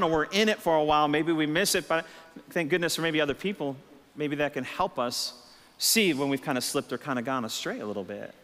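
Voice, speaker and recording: A middle-aged man preaching a sermon as senior pastor, telling stories with lively rhetorical questions. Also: a little high. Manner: animated storytelling, rhetorical questions. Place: church sanctuary. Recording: church hall reverb.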